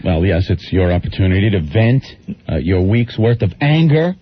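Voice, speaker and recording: A man's voice: deep voice, sing-song, moderate pace. A male radio co-host chatting crudely and laughing through casual banter. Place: radio studio. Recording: dull lo-fi radio broadcast with faint noise.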